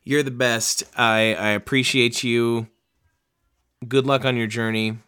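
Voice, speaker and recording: Bright-voiced, chatty young man. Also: medium pitch, steady tone, slow pace, smooth. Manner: chatty, profane, self-mocking. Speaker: podcast host reading books aloud. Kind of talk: casual rambling chat.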